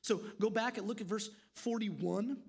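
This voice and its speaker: A man's voice: high voice, normal speed, creaky, husky. A man preaching an expository sermon, earnest and pleading, asking his listeners questions.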